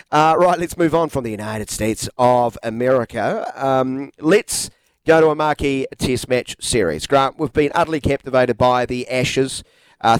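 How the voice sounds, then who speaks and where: A man's voice: fairly high pitch, no echo. A man hosting a cricket talk show, who chats in a playful, wry way and leads his co-host into the next topic. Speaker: radio sports show host. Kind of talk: casual studio banter.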